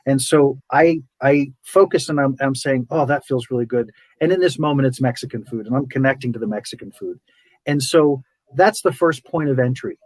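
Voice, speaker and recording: Animated man with a dry close sound. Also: medium pitch, normal speed, dry recording, rough recording. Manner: animated, acts out inner voices, repeats words. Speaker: podcast host. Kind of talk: casual spiritual talk.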